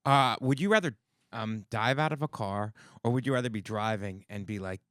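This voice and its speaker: A man's voice: medium pitch, animated, fairly quick, sharp tone. A man co-hosting a comedy podcast, riffing in a rambling casual chat. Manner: rambling, riffs with quoted voices.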